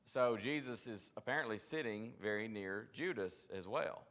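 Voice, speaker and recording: A man's voice: lowish voice, normal speed, fairly bright tone, long reverb tail. A man leading a Bible study, teaching conversationally, often restarting his sentences and acting out quotes. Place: church classroom.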